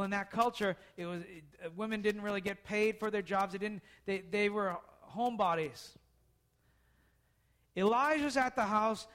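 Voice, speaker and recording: Brief: a high-voiced male preacher, chatty storytelling sermon, asks the room questions. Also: fairly bright tone. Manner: conversational, asks the listeners questions.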